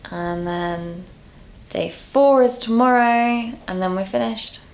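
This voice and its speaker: A young woman from England talking casually to camera in a vlog, candid and quick to laugh at herself, a little out of breath. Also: fairly high pitch. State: out of breath, low on energy. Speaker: vlogger.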